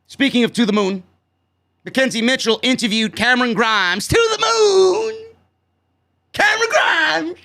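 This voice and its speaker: A man's voice: sits high, bright, forceful tone. A man from New York casually recapping a wrestling show, blunt, sarcastic and given to swearing.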